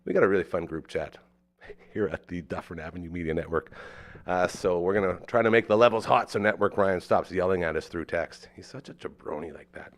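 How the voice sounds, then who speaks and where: A man's voice: sits low, a little fast. A man hosting a podcast in casual chat, with a congested, allergy-sick voice, rambling and joking with many fillers. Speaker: podcast host.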